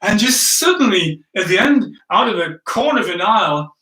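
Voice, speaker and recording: Man preaching, high-pitched, chatty storytelling, heard from across an echoey room. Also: animated, moderate pace, sharp tone. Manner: chatty, self-mocking, frequent "right?" asides. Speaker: pastor. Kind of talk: storytelling sermon. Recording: echoey room, distant from the mic.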